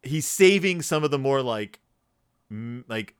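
A man's voice: medium pitch, animated, a little slow, smooth, dry recording, studio quality. A man co-hosting a podcast, chatting casually about books in a rambling, playful, joking way. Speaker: podcast co-host. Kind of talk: casual book chat.

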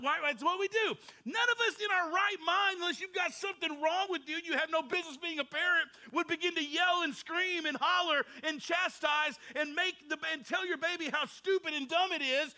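A middle-aged male pastor preaching a sermon in a church sanctuary, moving from a soft spoken prayer to loud, animated exhortation. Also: moderate pace. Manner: fervent preaching that builds from a quiet prayer to a loud high exhortation.

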